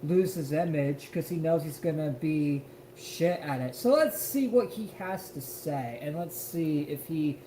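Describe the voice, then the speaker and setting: A man's voice: a little high, expressive, unhurried, few pauses, mellow, reverberant, a little hiss or hum, rough recording. A man co-hosting a live stream, reacting to a clip in an emphatic, profane rant. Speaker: stream co-host.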